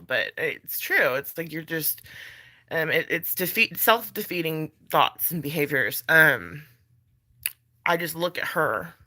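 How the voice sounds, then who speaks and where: A woman's voice: low voice, bright, forceful tone. A pregnant woman vlogging in casual chat, blunt and chatty, swearing freely and laughing between thoughts.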